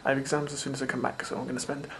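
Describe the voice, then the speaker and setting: A man's voice: medium pitch, little pitch movement, very fast, fairly bright tone, slight background noise. A young man chatting casually to the camera in a rambling, offhand, self-mocking way. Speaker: video blogger. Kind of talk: casual chat.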